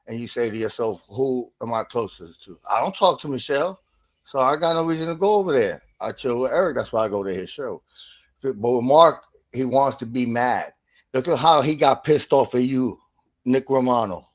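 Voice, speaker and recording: A man co-hosting a livestream, ranting casually in an animated, profane way with bursts of laughter. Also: mid-range voice.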